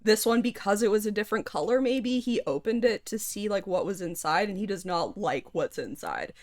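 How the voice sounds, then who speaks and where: A woman running a tabletop game as game master, narrating casually with lots of fillers and pauses. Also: mid-range voice, expressive, a little mellow, no room sound.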